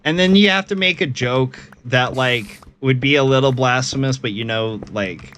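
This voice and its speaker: A man's voice: mid-range voice, normal speed, a bit bright, slight background noise. Laid-back, swearing man streamer. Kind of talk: casual chat with viewers.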